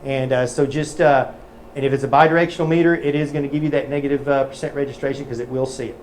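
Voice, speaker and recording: A man's voice: medium pitch, steady tone, quick pace, darkish tone, a little hiss or hum. A man teaching a technical webinar in a casual, folksy way with many fillers. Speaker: metering trainer. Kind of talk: webinar teaching and joke-telling.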